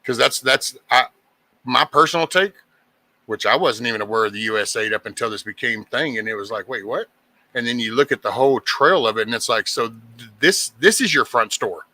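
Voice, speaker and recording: Male host, casual talk, rambling delivery, very bright tone. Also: mid-range voice, fairly quick. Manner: rambling, restarts sentences, swears casually. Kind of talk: casual chat.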